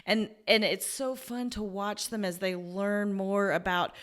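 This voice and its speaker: A woman's voice: medium pitch, steady tone, unhurried. A woman career coach as interview guest, earnest and enthusiastic, telling stories about her clients and laughing easily. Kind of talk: conversational interview.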